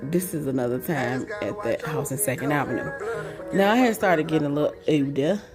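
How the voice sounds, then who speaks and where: A young woman telling a family story in casual, profane, animated talk, laughing often. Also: sits low, fairly quick, over music.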